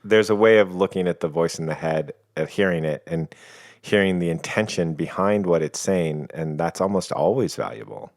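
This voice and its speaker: A man talking as a podcast guest, explaining ideas in a calm, reflective and playful way. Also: low voice, moderate pace. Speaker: guest, coach. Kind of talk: reflective conversation.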